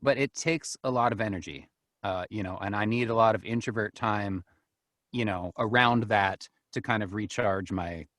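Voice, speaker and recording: Brief: man, casual guest on a call, relaxed, quick to laugh, dry sound. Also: lowish voice, dry recording. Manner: easygoing, laughs often, frequent "you know". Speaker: guest, narrator and group admin. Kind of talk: casual interview chat.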